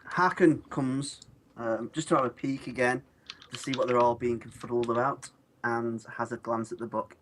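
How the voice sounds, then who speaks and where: A man's voice: mid-range voice, fairly even intonation, moderate pace, noisy background. A man playing a tabletop game over voice chat, eager and stumbling over his words with ums. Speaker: player. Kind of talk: tabletop role-play. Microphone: online voice chat mic.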